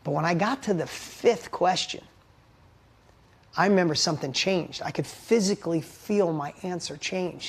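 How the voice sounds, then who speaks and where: A man's voice: high voice, darkish tone. Intense, heartfelt man telling his story. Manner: intense, heartfelt, blunt with casual swearing. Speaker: business owner giving a motivational talk. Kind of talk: emotional personal storytelling.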